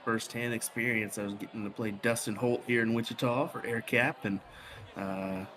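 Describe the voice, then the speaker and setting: A man doing live darts commentary in a relaxed, chatty way. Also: medium pitch, moderate pace, slight background noise. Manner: relaxed, chatty, laughs easily.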